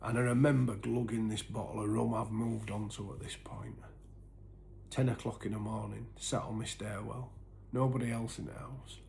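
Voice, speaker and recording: Gravelly man, confessional. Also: on the low side, level tone, slight background noise. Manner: earnest, halting, with many restarts; sinks to a soft, breathy near-whisper at painful moments. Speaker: recovery vlogger. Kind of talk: personal confessional storytelling.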